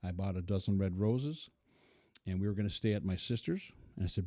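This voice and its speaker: A middle-aged man with a low, warm, mellow voice tells a personal story. He chuckles often and acts out the quotes. The recording is close and dry, with no room sound. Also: expressive, a little fast, dry recording. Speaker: interview guest.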